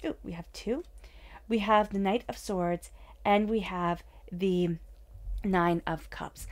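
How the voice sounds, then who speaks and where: A woman doing a tarot reading in a soft, soothing, upbeat manner. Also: mid-range voice, slow. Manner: soft, soothing and upbeat, with whispered meditation passages. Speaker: tarot reader.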